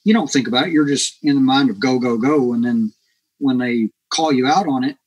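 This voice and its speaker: A man's voice: mid-range voice, a little fast, dull audio. A man guest on a podcast, telling a story casually and acting out the dialogue with lots of energy. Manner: animated, acts out quoted dialogue.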